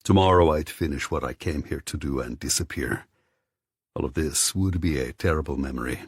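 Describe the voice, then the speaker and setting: A man narrating a dark romance audiobook in a first-person, steady, scripted read. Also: rumbling low, slightly rough, no room sound, clean studio sound.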